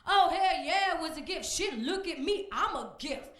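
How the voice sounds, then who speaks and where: A swaggering deadbeat man boasts crudely and loudly, as a female comic acts him out. The voice stays high and bright and bounces around a live comedy club. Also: expressive, moderate pace. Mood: boastful. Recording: echoey live club room.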